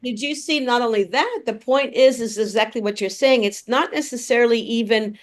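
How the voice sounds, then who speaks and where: A woman's voice: fairly high pitch, moderate pace. A woman co-hosting a casual political chat, blunt and a little profane, who often restarts her sentences. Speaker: co-host.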